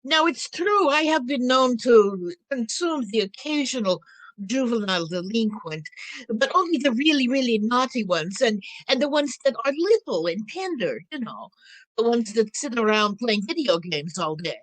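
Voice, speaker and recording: A woman's voice: fairly high pitch, big pitch swings, normal speed, no echo, rough recording. A woman storyteller playing an ancient, wry witch in a drawling, teasing first-person telling. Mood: sly. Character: ancient wry female witch Baba Yaga.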